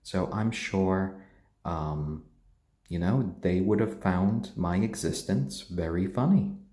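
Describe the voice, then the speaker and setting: Deep-voiced man with a mixed accent. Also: slow pace, reverberant. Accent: mixed British and American. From born in Tokyo, raised British and American. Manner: gentle, soft-spoken, coos at pets. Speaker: live-stream host. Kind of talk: casual live-stream chat.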